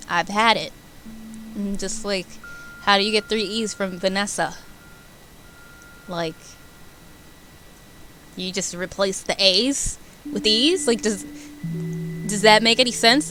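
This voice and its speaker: A young woman streamer chatting casually with her viewers, animated and giggly, rambling between topics. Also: mid-range voice.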